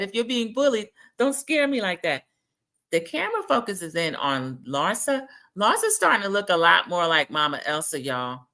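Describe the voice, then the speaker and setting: A woman's voice: lowish voice, pushed and bright. A woman hosting a casual, gossipy recap of a reality TV episode, talking straight to her viewers. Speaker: TV recap host.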